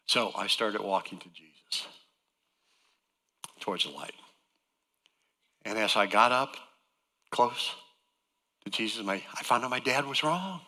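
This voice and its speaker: A man's voice: fairly low pitch, animated, a little slow, pauses often, pushed and bright, big-room sound. A man giving an emotional church testimony, storytelling with wry joking asides. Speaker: guest speaker sharing a testimony. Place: church sanctuary.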